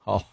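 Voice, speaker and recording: A man's voice: a little mellow, no room sound. A man co-hosting a radio show, reading listener mail with wry, dry asides. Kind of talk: casual radio banter. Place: radio studio. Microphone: studio mic.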